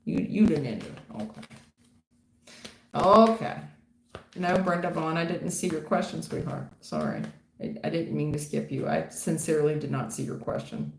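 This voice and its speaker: Woman livestream tarot reader, blunt and affectionate, swears freely; low voice, roomy echo with faint hiss. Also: very animated, moderate pace, creaky. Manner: calls viewers hun and baby, blunt, laughs often, swears. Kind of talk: casual livestream chat reading viewer questions.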